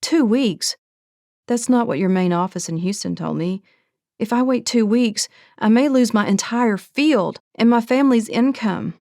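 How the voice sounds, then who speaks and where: A woman's voice: medium pitch, dark tone, no room sound, clean studio sound, lightly acted. Woman doing a feisty, demanding ranch owner. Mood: urgent. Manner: brisk, clipped and insistent.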